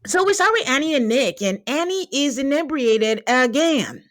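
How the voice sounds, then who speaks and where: Animated woman laughing through a recap. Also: high-pitched, moderate pace, no echo, studio quality. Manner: animated, laughing, acting out quotes. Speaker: podcast host. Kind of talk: casual reality-TV recap chat.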